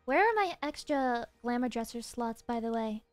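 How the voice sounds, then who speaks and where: A young woman with a Southern US accent, chatting casually with viewers while streaming a game, animated and swearing freely. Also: normal speed, dry recording, soft background music. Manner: animated, swears a lot, jumps between high playful voices and low mutters. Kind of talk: casual live-stream chat while gaming.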